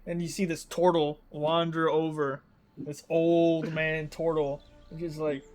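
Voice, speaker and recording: A man narrating a tabletop game as game master, relaxed and laughing often. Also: a little high, unhurried, music in the background.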